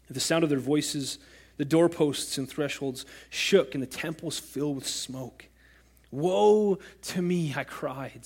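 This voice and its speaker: A man's voice: fairly high pitch, unhurried, darkish tone, husky. A man preaching a sermon as pastor, earnest and rising to impassioned cries when he quotes scripture.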